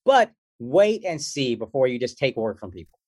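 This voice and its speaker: A male comedian guest talks in an animated, joking and slangy way. His voice sits at a middle pitch. The sound is close and dry, with no room around it. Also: normal speed, no room sound. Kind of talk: casual interview chat.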